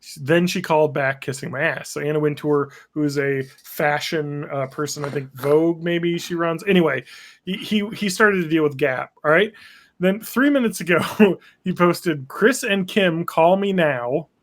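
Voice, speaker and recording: Excitable male podcast co-host, slightly high voice, chatty commentary. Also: moderate pace. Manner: excitable, reads posts aloud with running commentary. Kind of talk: casual chat.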